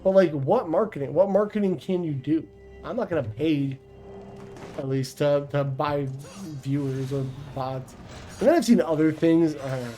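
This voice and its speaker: A man's voice: on the high side, moderate pace, mellow, soft background music, rough recording. Blunt, swearing male streamer. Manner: blunt, profane and rambling. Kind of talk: casual livestream chat.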